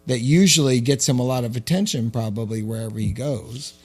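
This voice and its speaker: A man, co-hosting a podcast and telling a story in casual chat. He swears freely and gets loud and animated. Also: mid-range voice, brisk, breathy edge. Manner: profane, animated storyteller who shouts when quoting himself. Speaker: podcast co-host.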